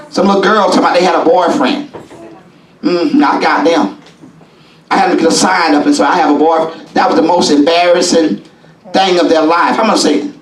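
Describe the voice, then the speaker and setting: Man preaching, folksy call and response, high voice, roomy church sound. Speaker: bishop preaching. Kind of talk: sermon. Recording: echoey church from a distance.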